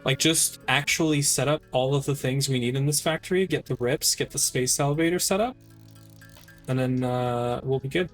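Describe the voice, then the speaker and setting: A man's voice: medium pitch, normal speed, soft background music. A man live-streaming a game, chatting casually with friends, rambling with many fillers and restarts.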